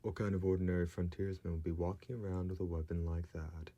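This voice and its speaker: A man's voice: deep voice, flat delivery, quick pace, dark tone, dull audio. A man voicing a blunt frontier warrior who speaks in a cold, accusing way.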